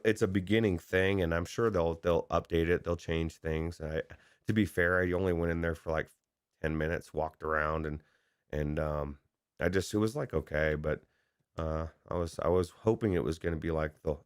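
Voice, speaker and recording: Low-voiced male co-host, rambling casual chat, dry close sound. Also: moderate pace, clear, resonant tone, no echo. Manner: rambling, hesitant, many fillers and restarts. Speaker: podcast co-host.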